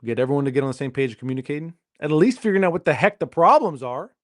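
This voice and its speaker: A man's voice: a little high, lively intonation, very fast. A man hosting his own podcast, rambling through a jokey solo monologue and questioning himself as he goes. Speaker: podcast host.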